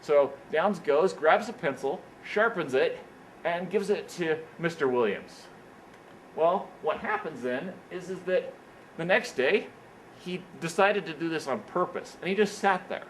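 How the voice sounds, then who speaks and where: A man delivers a motivational career talk in an indoor meeting room, telling stories with an animated, repetitive rhythm. His voice sits a little higher than most men's. A faint background noise runs under his speech. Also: a little slow, low-quality recording. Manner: animated storyteller, repeats "what happens is, is that". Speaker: speaker at an engineering career event.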